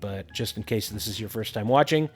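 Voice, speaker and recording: A man's voice: lowish voice, a little fast, slightly rough, soft background music. A man casually narrating a building game tutorial, thinking aloud with frequent fillers.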